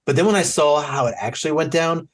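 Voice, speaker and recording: A man's voice: a little high, fast. A man co-hosting a podcast in casual chat, chatty and acting out quotes he recounts. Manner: chatty, acts out quotes from the show; self-described easy crier. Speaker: podcast co-host.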